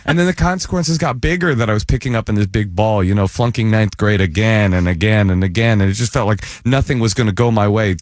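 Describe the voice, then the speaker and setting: A male comedian telling a long comic story as a guest in a radio studio, animated and jumping high whenever he acts out what people said. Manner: animated, jumps up in pitch when acting out quoted voices.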